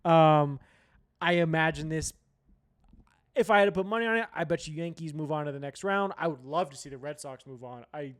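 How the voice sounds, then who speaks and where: A man from Colorado hosting a casual sports show, talking in a slightly high voice. He rants bluntly and swears freely. His sentences restart and repeat as he pushes his point. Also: brisk. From Colorado, USA. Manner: profane, blunt, ranting with heavy swearing; restless, restarts and repeats himself.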